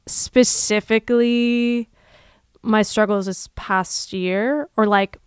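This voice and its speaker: A young woman musician talks through a livestream Q&A at an unhurried, drawn-out pace, trailing into fry at the ends of phrases. Her voice stays clean and smooth under the gravel, and the sound is close and dry, with no room around it. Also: medium pitch, dry recording. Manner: reflective, unhurried, many fillers and soft laughs. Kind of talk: casual livestream chat.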